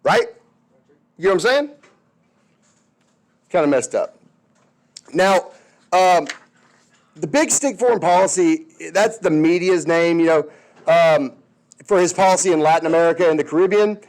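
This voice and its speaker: A man's voice: fairly high pitch, normal speed, pauses often, darkish tone. A male history teacher giving a casual, conversational classroom lecture, often checking in with his students.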